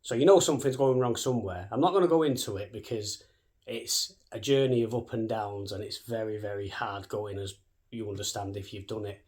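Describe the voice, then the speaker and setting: Fast-talking, cheeky man in his thirties. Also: lowish voice, a little mellow. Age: 30s. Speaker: vlogger. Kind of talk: casual talk to camera.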